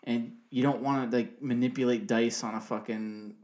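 A man's voice: medium pitch, fairly even intonation, normal speed, darkish tone. A man in his thirties, co-hosting a podcast, chatting in a rambling, casual way and swearing freely. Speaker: podcast co-host. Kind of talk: casual chat.

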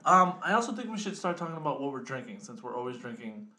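A man's voice: medium pitch, big pitch swings, fast talker, sharp tone. A man co-hosting a casual podcast, bantering, laughing often and swearing freely. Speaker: podcast co-host. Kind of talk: casual chat.

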